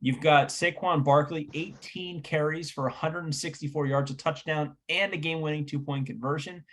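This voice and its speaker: A man co-hosts a sports podcast, with a voice that sits a little high. He reads questions and stats to his partner in an easygoing, agreeable way. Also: steady tone, moderate pace, fairly bright tone, slight background noise. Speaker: podcast co-host. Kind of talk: casual sports talk.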